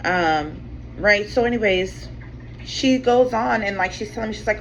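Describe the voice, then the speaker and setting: A woman's voice: medium pitch, normal speed, a little hiss or hum. A woman host chatting casually, telling a rambling story full of fillers and swearing. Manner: rambling, full of "like" and "you know what I'm saying", swears freely. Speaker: tarot channel host. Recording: slightly dull sound with faint room ambience.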